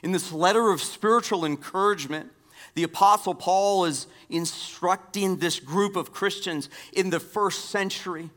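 Man preaching, swinging from loud to hushed. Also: sits high. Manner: dynamic swings from loud emphasis to hushed near-whispers; repeats key phrases for emphasis. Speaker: pastor. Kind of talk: sermon.

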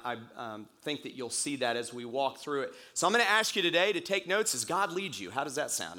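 A pastor recovering from a cold, preaching a conversational sermon in church and repeating key phrases slowly for emphasis. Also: male voice, medium pitch, sharp tone.

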